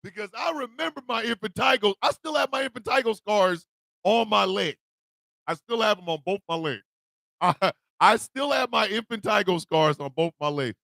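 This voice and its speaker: Animated, bright-voiced male radio host. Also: high-pitched, normal speed, gravelly, dry recording, studio quality. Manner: animated, laughing, swearing, acts out his family members. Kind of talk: casual storytelling monologue.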